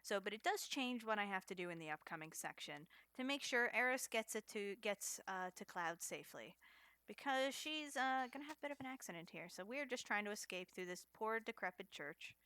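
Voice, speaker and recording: Woman streamer, casual jokey speedrun commentary, bright and punchy tone. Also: a little high, lively intonation, a little fast, no echo. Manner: playful, chatty, jokey asides to chat.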